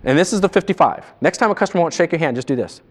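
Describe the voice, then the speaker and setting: Animated man leading a sales seminar. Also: fairly high pitch, racing. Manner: animated, quizzes the audience. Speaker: sales trainer. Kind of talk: live seminar lecture.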